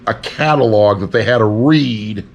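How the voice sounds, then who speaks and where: A man's voice: fairly low pitch, normal speed, slight background noise. A man hosting a casual book chat, cutting in with joking, teasing asides. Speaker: host.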